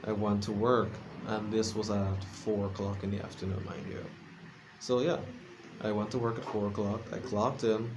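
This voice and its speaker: A man's voice: on the low side, flat delivery, normal speed, noisy background. A sleepy man rambling casually in a late-night vlog, self-deprecating and full of fillers and restarts. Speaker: vlogger. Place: his room at home.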